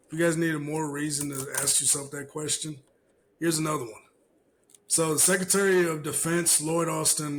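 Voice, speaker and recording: A man's voice: on the high side, slight background noise, poor audio. A man hosting a casual podcast, ranting in a heated, profane way and repeating himself. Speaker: podcast host.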